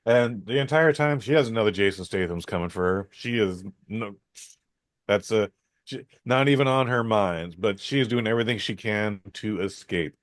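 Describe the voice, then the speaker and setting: A man's voice: lowish voice, moderate pace, no room sound. A man hosting a podcast, rambling through a casual film review with many fillers, restarts and some swearing.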